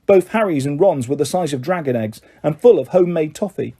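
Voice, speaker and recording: A man reading a novel aloud as an audiobook narrator, in steady, measured storytelling. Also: fairly high pitch, breathy edge. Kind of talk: scripted narration.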